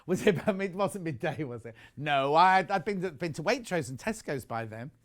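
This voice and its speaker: A man's voice: a little high, animated, a little fast. A British man presenting live on a shopping channel, chatty and rambling as he sells sewing goods. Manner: chatty, rambling, reads out viewer messages.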